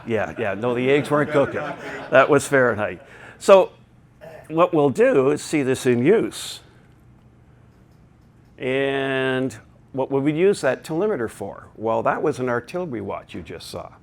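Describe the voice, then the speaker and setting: A man's voice: medium pitch, animated, measured pace. Chatty man giving a conference talk. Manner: chatty, digressive, joking asides. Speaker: conference presenter. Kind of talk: technical talk to a live audience. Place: conference hall.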